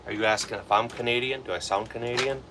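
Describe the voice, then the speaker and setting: A man's voice: mid-range voice, steady tone, fast, noisy background. A young man with a Wisconsin accent chatting casually on a livestream, rambling and answering viewers' comments while he works. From Wisconsin, USA. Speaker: livestream host. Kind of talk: casual livestream chat while reloading ammo.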